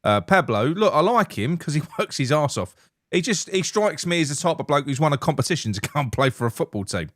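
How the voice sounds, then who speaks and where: A man's voice: on the high side, sing-song, brisk, a bit bright, no echo, clean studio sound. A man hosting a casual football chat, blunt and sweary, laughing through his banter. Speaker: show host.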